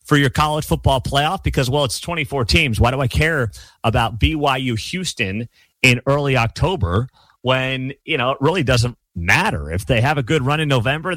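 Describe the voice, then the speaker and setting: A man's voice: medium pitch, animated, a little fast, a bit bright, no echo. A man hosting his own sports channel, delivering a blunt, sarcastic, opinionated rant into a close mic. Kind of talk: opinionated sports commentary monologue.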